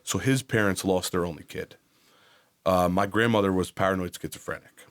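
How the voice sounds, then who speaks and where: Lower-pitched man telling his story bluntly. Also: steady tone, normal speed, a bit bright. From New Jersey. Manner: blunt, profane, acts out quoted voices. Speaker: podcast guest. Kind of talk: candid personal storytelling.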